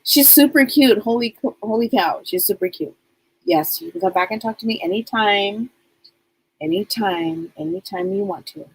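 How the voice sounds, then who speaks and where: A woman's voice: medium pitch, moderate pace, breathy edge, low-quality recording. A woman psychic medium giving a live reading, chatty and rambling as she passes on what spirits tell her.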